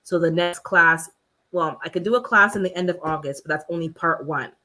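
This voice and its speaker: A woman hosting a casual chat, telling stories in an animated way and acting out quotes with laughter. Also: brisk. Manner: animated storyteller, acts out quotes with big pitch jumps and laughter. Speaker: channel host.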